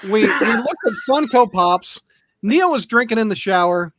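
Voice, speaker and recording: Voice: mid-range voice, lively intonation, moderate pace, fairly bright tone, dry recording. A podcast host recapping an episode in casual group chat, laughing often as they run through the list.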